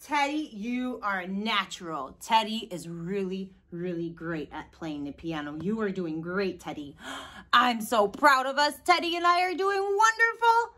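A young woman hosting a children's learning show, talking to toddlers in a slow, exaggerated, encouraging way. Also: mid-range voice, animated, bright, forceful tone. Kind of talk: sing-song talk to small children.

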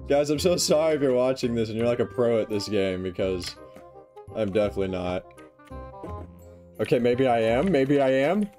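An excitable young man talks through his game session, joking at his own expense and yelping whenever he slips up. His voice sits at an ordinary middle pitch, and faint music plays behind him. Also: normal speed. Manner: excitable, self-mocking, yelps when failing. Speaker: gaming YouTuber. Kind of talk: casual gameplay commentary.

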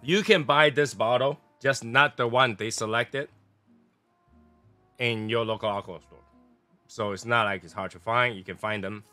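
Bright-voiced man reviewing cigars. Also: medium pitch, steady tone, normal speed, pauses often, dry recording, faint music behind. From Taiwan. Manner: chatty, rambling, playful tangents. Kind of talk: casual review vlog.

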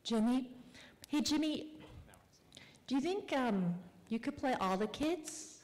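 A woman author casting audience volunteers for a live reading, friendly and quick to laugh. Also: sits high, animated, heavy background noise. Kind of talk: casual talk to a live audience. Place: public library event room. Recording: long hall reverb.

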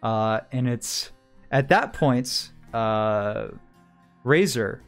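A man's voice: mid-range voice, expressive, drawn-out words, soft background music. Rambling male game master. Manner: rambling, many fillers and restarts. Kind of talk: narrating a tabletop game.

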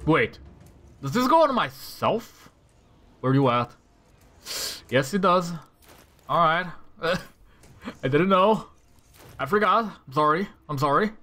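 Lively, profane gamer guy. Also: fairly high pitch, slow pace, pauses often. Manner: profane, trash-talking enemies; talks to himself, reacting to rolls. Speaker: gamer playing a tactical role-playing game. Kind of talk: casual gameplay commentary.

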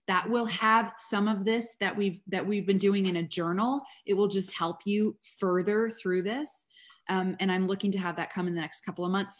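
A woman author speaking as the guest in a live webinar over a video call, with a steady, explanatory manner. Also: mid-range voice.

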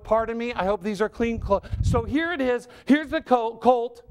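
A man preaching as a guest speaker, telling the story in an animated, joking, conversational way. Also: very high-pitched, moderate pace, few pauses, clear, resonant tone. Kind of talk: sermon.

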